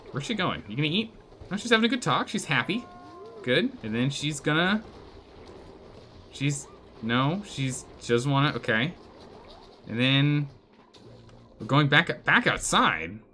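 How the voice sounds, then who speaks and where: A man giving live commentary on a colony game, animated and exclaiming, pleading with his characters. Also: mid-range voice, moderate pace, long pauses, a little hiss or hum. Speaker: streamer playing a colony game.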